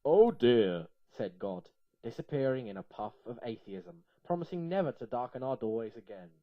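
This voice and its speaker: Male reader for an absurd comic story, playful and lively, animated pitch, dull lo-fi recording. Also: brisk, dry recording.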